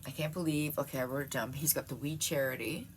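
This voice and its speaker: A woman's voice: extremely low pitch, fast, very noisy. A middle-aged woman ranting in a casual vlog from home, exasperated and profane, often breaking into laughs. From Canada. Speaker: vlogger. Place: at home, seated.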